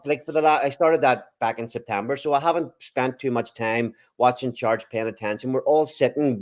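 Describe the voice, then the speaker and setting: An Irish man from Ireland, a game developer guest in a casual interview chat, easygoing and quick to laugh. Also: medium pitch.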